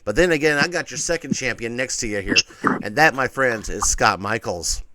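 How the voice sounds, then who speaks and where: A man's voice: mid-range voice, brisk, background noise. A man hosting a game show with chatty, upbeat patter.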